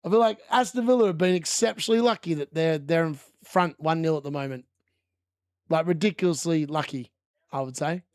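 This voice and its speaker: A man hosting a live fantasy football watchalong, chatting through the games and shouting when goals go in. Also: fairly high pitch, a little fast, dry recording, clean studio sound.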